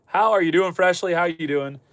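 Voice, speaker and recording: A man from Canada talks casually through a homesteading livestream, reading out comments and chatting to his chickens. His voice sits a little high for a man and sounds stuffy and a touch hoarse from a head cold. The sound is dry and close, with no room echo. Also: fairly quick. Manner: chatty and upbeat, talks to chat and animals.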